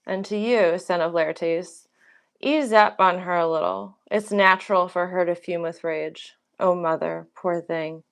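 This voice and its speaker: A woman reading the part of a young princess facing death in a dramatic reading, softly and tenderly. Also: lowish voice, steady tone, unhurried, vocal fry, clean tone. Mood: tender resigned. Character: young doomed princess, gentle and resigned.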